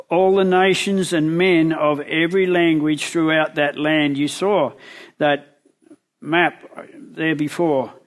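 A man preaching a sermon, retelling a Bible story in lively words and asking the listeners questions. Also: fairly high pitch.

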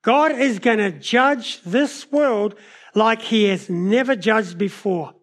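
A man preaches a sermon in a notably high voice. He tells stories in an animated way, shifting his pace and loudness as he goes. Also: slow. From New Zealand. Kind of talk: sermon with personal storytelling.

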